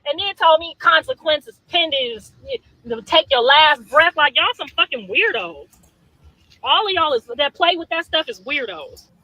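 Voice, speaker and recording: A woman's voice: high-pitched, sing-song, normal speed, pushed and bright, no echo. A woman ranting heatedly at her critics, profane and scolding. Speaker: guest on a livestream. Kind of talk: angry ranting monologue. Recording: dull lo-fi clip audio.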